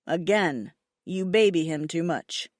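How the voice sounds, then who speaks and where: A woman voicing a stern male dragon lord who teases his mate in a low, coaxing voice in an audiobook. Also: takes it slowly, no room sound, clean studio sound. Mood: teasing. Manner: low, coaxing, often laughing.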